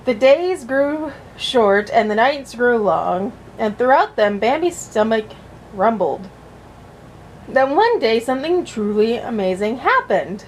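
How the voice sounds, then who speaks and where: A woman's voice: fairly high pitch, sing-song, slow, slight background noise. A woman vlogger reading a children's storybook aloud and breaking off into chatty, joking asides.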